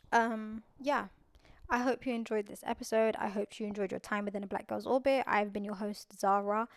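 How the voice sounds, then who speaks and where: With a fairly high voice and studio-quality sound free of echo, a young woman in her adult years chats on her own podcast. It's casual solo talk, earnest in tone, and she repeats phrases to stress them.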